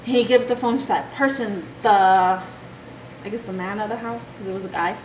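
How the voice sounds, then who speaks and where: A young woman telling a personal story from her childhood in a halting, emotional way. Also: mid-range voice. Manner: emotional, halting retelling with restarts. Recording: echoey room with background noise.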